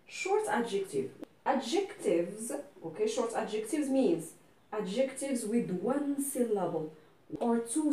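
A woman teaching an English grammar lesson, explaining patiently step by step, checking often that her students follow, and slipping into French and Arabic to make a point clear. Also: medium pitch, dark tone. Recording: echoey room, voice from a distance.

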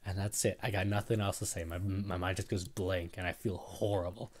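Young male podcaster, lowish voice, rambling and self-deprecating, casual solo storytelling. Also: steady tone, fairly quick. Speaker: podcast host.

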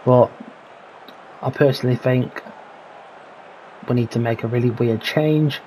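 A man's voice: medium pitch, fairly even intonation, a little slow, warm tone, a little hiss or hum, poor audio. A man giving casual let's-play commentary on a football management game, calling out players and thinking aloud about tactics. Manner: calls player names, mutters his own worries. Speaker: gaming commentator.

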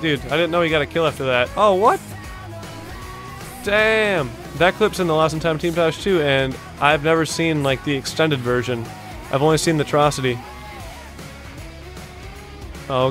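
A young man hosting a video-game montage reaction, talking casually, swearing often and bursting out in excited disbelief. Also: fairly high pitch. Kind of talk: casual gaming reaction commentary.

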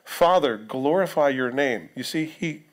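A man's voice: medium pitch, lively intonation, a little slow. A male pastor preaching a sermon in a conversational way, reading scripture aloud and putting questions to the congregation.

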